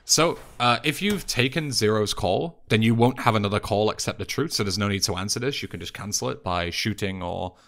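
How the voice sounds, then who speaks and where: A young man with an English accent, talking through a speedrun tutorial voice-over in a relaxed, chatty way, with plenty of fillers and restarts. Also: fairly low pitch, a little fast, few pauses. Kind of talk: casual game tutorial voice-over.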